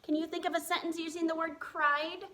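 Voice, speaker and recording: A woman's voice: extremely high pitch, little pitch movement, a little fast, pushed and bright. A woman teaching a reading lesson to first graders, spelling words letter by letter in a patient, encouraging way. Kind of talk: remote reading lesson for young children.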